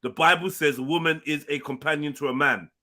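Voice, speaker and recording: A man's voice: on the high side, steady tone, fairly quick, pushed and bright. A man hosting a live panel stream, brash, profane and combative in debate.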